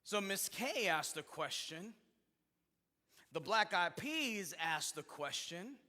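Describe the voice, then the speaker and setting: A male pastor delivers a sermon in a church sanctuary, conversational and joking, with fillers and restarts along the way. His voice sits high with big pitch swings, slow, pushed and bright, and the church hall gives it a long reverb.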